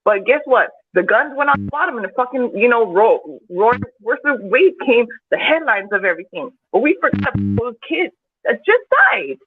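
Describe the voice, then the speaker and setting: A woman's voice: fairly high pitch, big pitch swings, normal speed. A woman guest in a podcast discussion, speaking with raw emotion and heavy swearing. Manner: impassioned, profane, rising in intensity. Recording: tinny phone-like call with faint hiss.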